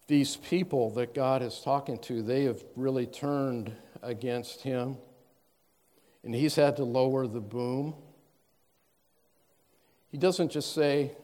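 A man preaching a sermon, reading scripture aloud with measured stress and then explaining it in plain words. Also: mid-range voice, mellow. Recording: long hall reverb.

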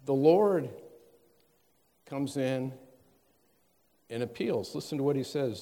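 A man preaches a sermon, reading old scripture with a measured, stressing cadence before explaining it plainly. His voice sits in an ordinary middle pitch for a man. The recording carries a long reverb, as if from a large hall. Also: animated, mellow.

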